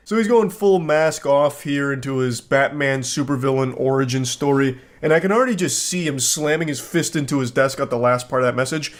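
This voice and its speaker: Man, online commentator, casual video commentary, sarcastic deadpan delivery. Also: mid-range voice, fairly quick, hardly any pauses.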